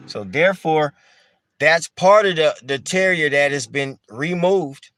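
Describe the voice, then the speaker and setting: Here the dog breeder's voice sits on the high side with a fairly bright tone. Talking to camera in a casual monologue, he keeps it conversational, asking rhetorical questions and restating what he's said.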